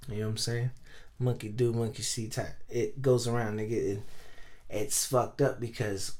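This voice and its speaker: A man's voice: mid-range voice, a little mellow. A young man casually telling a personal story, rambling with heavy slang, profanity and many fillers.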